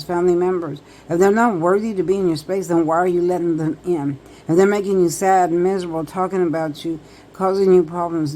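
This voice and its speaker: A woman's voice: lowish voice, darkish tone, slight background noise, low-quality recording. A woman tarot reader talking directly to viewers in a casual, emphatic, repetitive way. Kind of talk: casual advice monologue to viewers.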